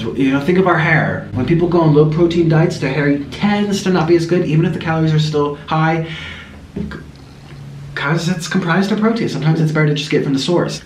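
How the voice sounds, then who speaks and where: A man chatting casually to camera as a vlogger, rambling in an animated, talkative way. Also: on the high side, roomy sound, a little hiss or hum.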